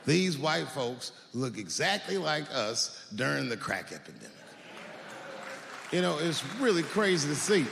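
A man performing stand-up comedy on stage, with profane, conversational punchlines and long pauses. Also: on the high side, sing-song, vocal fry, fairly bright tone. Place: stage in a hall with a live audience. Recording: echoey hall with crowd noise.

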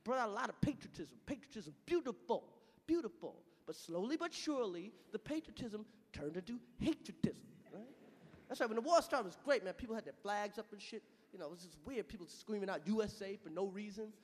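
High-voiced profane stand-up comic man. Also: fairly quick. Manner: profane, animated, shouts punchlines. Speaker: stand-up comedian. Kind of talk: live stand-up routine. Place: stage in a large hall. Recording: live venue with reverb and audience.

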